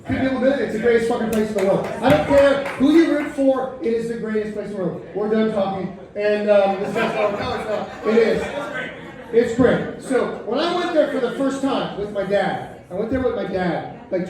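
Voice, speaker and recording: A middle-aged man from Chicago doing a profane stand-up set in a comedy club, loose and rambling, jumping into shrill outbursts. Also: normal speed, darkish tone. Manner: loose, profane storytelling with sudden high-pitched outbursts. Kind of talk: stand-up set with crowd work. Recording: echoey club heard from far off. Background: audience laughter.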